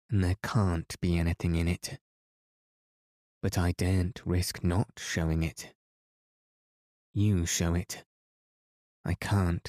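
A man's voice: low voice, warm tone, no echo, studio quality. A man reading aloud, voicing a frightened, imaginative teenage girl who stammers and trembles.

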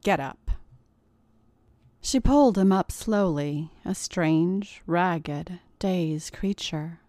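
A woman reads fiction aloud in a measured, deliberate voice. Her pitch is on the low side and her pace is very slow. The recording is dry, with no room sound. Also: mellow, no room sound. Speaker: story reader. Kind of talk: audiobook narration of erotic fiction.

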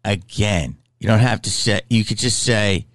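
A man's voice: fairly low pitch, measured pace, dry recording, low-quality recording. A middle-aged man in casual chat, rambling and profane, with many restarts.

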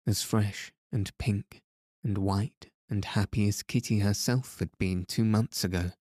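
Low-voiced guy reading an audiobook, really slow, mellow and dry. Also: dry recording. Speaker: audiobook narrator. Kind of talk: scripted narration.

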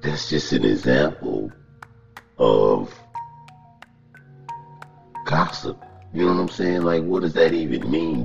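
A man telling animated stories in a casual podcast monologue, cursing often and laughing as he rants. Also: rumbling low, measured pace, gravelly, long pauses, dull audio, soft background music.

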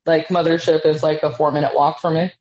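A woman's voice: low-pitched, little pitch movement, fairly quick, darkish tone. A woman comedian telling stories casually as an interview guest over a video call, acting out what people said to her. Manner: storytelling, acts out quotes with lots of "like". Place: apartment above a bar. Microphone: headphones on a video call. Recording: dull lo-fi call audio.

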